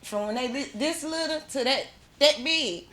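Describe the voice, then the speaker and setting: A middle-aged woman with a high-pitched, somewhat bright voice speaks at a measured pace. She's a mother giving a heartfelt testimony at an awards ceremony, fervent and prone to repeating herself and restarting, with religious turns of phrase.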